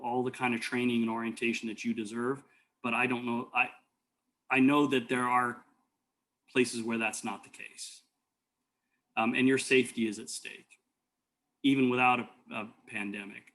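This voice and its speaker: A man's voice: medium pitch, a bit bright. A man teaching an EMT class, telling rambling stories full of fillers and restarts. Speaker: EMT instructor. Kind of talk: lecture with personal stories.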